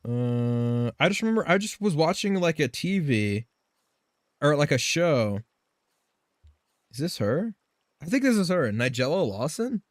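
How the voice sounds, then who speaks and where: A man's voice: fairly high pitch, very animated, a little slow, pauses often, dry recording, studio quality. A man live streaming a game, chatting casually in a loose, rambling way, swearing and laughing often.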